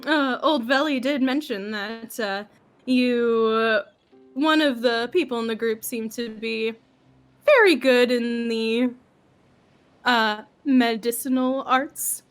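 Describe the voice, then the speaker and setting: A woman's voice: on the high side, slow pace, soft background music. A woman playing a gracious, formal ship captain. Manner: polite, formal.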